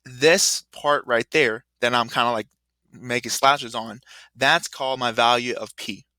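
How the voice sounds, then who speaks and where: A man teaching a casual, rambling video math lesson, often filling pauses with "uh". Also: medium pitch, fairly even intonation, sharp tone, dry recording.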